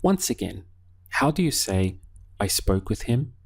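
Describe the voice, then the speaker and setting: Male language teacher, deep voice, unhurried, patient prompts with gaps for replies. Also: very animated, gravelly, husky. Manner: slow, patient prompts leaving pauses to answer. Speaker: Spanish teacher. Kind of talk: language lesson.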